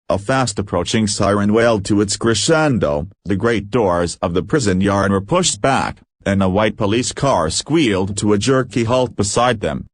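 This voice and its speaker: A man narrating a story as an audiobook reader in a measured, deliberate way. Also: fairly low pitch, no echo.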